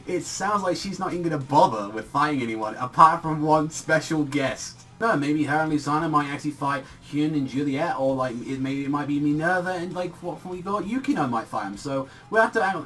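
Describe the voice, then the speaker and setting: A man's voice: on the high side, fairly bright tone, far from the mic. Rambling British guy reviewing manga. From Britain. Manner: rambling, swearing, heavy use of fillers. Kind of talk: casual vlog review.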